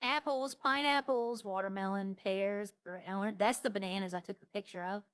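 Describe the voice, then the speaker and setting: A woman's voice: mid-range voice, steady tone, normal speed, clean tone, no echo, studio quality. A young woman streaming a roleplay game, chatting casually to herself as she browses and lists things she sees. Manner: muses aloud, listing items as she browses.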